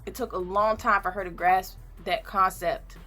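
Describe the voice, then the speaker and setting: A woman's voice: medium pitch, fairly even intonation, normal speed, bright, forceful tone, soft background music. A woman vlogger in her thirties telling a candid, heartfelt personal story, tearful at times. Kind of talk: emotional personal story time.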